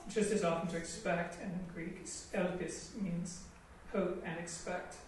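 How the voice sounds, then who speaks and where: A hoarse man from the audience, speaking in a hesitant, thoughtful way. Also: sits high, fairly even intonation, unhurried. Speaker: audience member. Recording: very echoey hall, far off, noisy.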